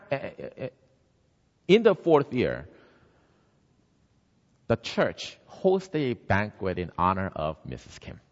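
Male preacher, lively storyteller, pitch rising and falling widely, long-echo hall. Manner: lively storytelling, acts out the characters. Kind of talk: storytelling sermon. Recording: dull sound, long hall reverb.

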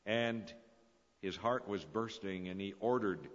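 A man's voice: fairly low pitch, takes it slowly. A man preaching a sermon, telling stories with dramatic, swelling emphasis. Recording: dull lo-fi recording in a reverberant hall.

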